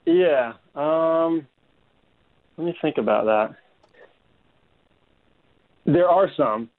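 A man's voice: a little high, lively intonation, drawn-out words. A man being interviewed as a guest artist, speaking hesitantly with many ums. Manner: hesitant, soft-spoken, full of ums. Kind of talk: casual interview chat. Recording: tinny phone-like line.

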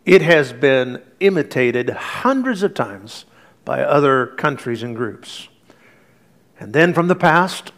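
A middle-aged male pastor preaching a sermon, telling stories with earnest warmth and light humor, then leading a prayer. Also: on the high side.

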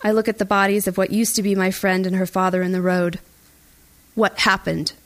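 A woman reading a first-person audiobook in a tense, even storytelling voice. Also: mid-range voice, fast. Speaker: audiobook narrator. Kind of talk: first-person scripted narration.

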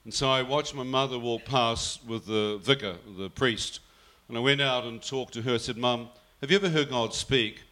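A man tells his own story in a bright, forceful voice. He speaks earnestly and slips into his mother's words as he recounts them. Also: medium pitch, normal speed, few pauses. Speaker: guest telling his testimony. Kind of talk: personal storytelling.

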